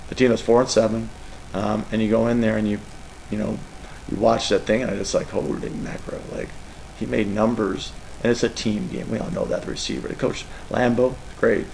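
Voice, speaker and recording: A man's voice: lowish voice, flat delivery, a little fast, gravelly, a little mellow, slight background noise, rough recording. A middle-aged man, a college football coach, answering press questions in an emotional, rambling way. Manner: emotional, rambling, tearful at times.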